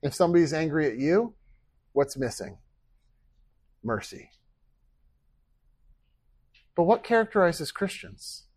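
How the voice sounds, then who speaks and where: Husky-voiced male pastor preaching. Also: fairly high pitch, sing-song, slow pace, long pauses, a little mellow, dry recording. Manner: earnest, conversational preaching with rhetorical questions; acts out quoted speech. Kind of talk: sermon.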